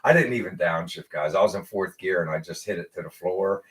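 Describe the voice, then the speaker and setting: An American man hosting a casual live show, telling a story with animated asides and acted-out quotes. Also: low voice, a little fast. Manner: animated storyteller, acts out voices of people in his story. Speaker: podcast host.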